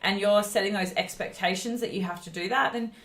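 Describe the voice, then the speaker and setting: Blunt, animated woman coach in an echoey room. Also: mid-range voice, fairly quick. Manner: blunt, swears freely, animated storytelling. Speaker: podcast co-host and coach. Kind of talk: casual chat.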